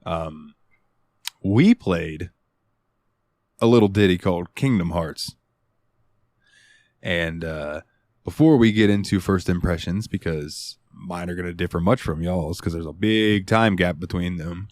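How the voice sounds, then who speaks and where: A man's voice: low voice, a little slow, long pauses, a little mellow, dry recording, clean studio sound. A man co-hosting a gaming podcast, telling rambling, profane stories in casual chat. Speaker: podcast co-host.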